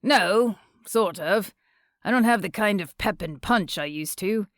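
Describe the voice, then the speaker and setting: A woman voicing a gruff older male surf shop owner with a booming, put-on Australian accent and a laid-back, chatty manner, in an audiobook. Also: animated, measured pace, a bit bright, no echo, clean studio sound.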